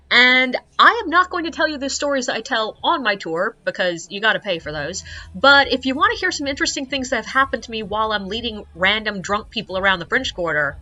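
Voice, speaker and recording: A woman working as a ghost tour guide, telling stories in a casual, sarcastic, animated way and acting out the quotes. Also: a little high, dull audio. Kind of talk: casual storytelling vlog.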